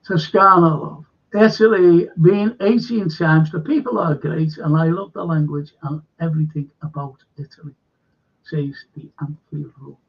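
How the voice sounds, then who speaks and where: Gravelly, husky man chatting. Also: on the high side, steady tone, moderate pace, dull audio. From Liverpool. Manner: rambling, chatty, jokey asides. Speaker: host. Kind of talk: live fan chat show, reading chat questions.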